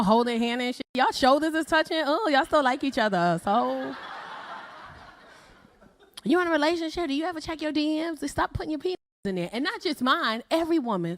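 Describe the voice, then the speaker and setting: A woman's voice: high-pitched, lively intonation, fairly quick. A woman performing a bold, brash stand-up comedy set on a club stage, often laughing at her own jokes. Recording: faint crowd laughter and noise.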